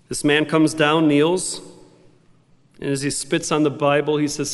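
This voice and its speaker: A man's voice: on the high side, flat delivery, normal speed, fairly bright tone. Man preaching a sermon in a reverberant hall. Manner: emphatic, repetitive preaching cadence. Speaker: pastor.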